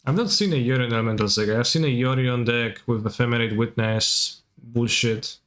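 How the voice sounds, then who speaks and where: A man's voice: mid-range voice, moderate pace. Russian-accented man streaming card games. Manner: relaxed, answers chat questions, swears casually. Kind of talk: casual live-stream commentary.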